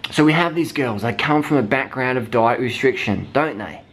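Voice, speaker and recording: A man's voice: medium pitch, moderate pace, fairly bright tone. Ranting man, swearing hard. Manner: heated, heavy swearing, mocking put-on voices. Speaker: vlogger. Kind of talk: profane rant.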